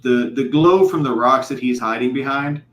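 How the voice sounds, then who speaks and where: A man narrating as game master for a tabletop game, in a halting style full of fillers. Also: mid-range voice, reverberant.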